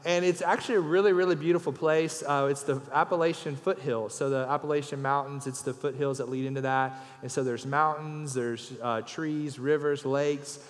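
A man's voice: a little high, fairly even intonation, normal speed, few pauses. A man, preaching a folksy sermon as a guest speaker and telling jokes. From Louisiana. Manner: folksy storyteller, raises his voice for punchlines. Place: church sanctuary. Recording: long church hall reverb.

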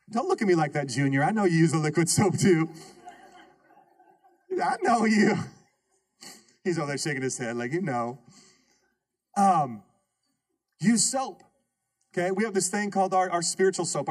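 A man preaching a lively sermon as pastor, calling out questions to his congregation. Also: on the high side, slightly rough. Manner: call-and-response preaching, rhetorical questions to the congregation. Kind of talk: energetic sermon. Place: church sanctuary.

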